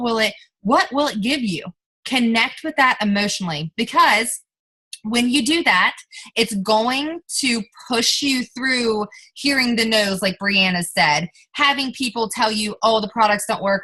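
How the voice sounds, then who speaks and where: A woman's voice: on the high side, sharp tone, low-quality recording. A young woman giving an emphatic motivational training talk to her team, coaching and addressing listeners directly.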